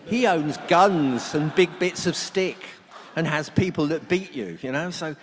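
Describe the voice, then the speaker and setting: A fairly high-pitched male voice speaks at a measured pace. The middle-aged speaker is a blunt, joking storyteller giving a humorous talk to a workshop audience, captured with long hall reverb in a conference hall.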